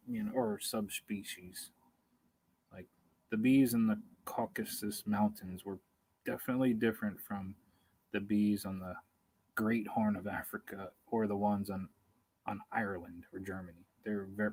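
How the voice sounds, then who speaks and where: A man talks loosely through a live stream outdoors, tired and hungry, stopping and restarting his thoughts. His voice is somewhat low with a husky edge. He chuckles between points. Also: darkish tone, poor audio. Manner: casual, chuckling, talks through hesitations and reads comments aloud. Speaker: beekeeping livestream host. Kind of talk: rambling live-stream chat.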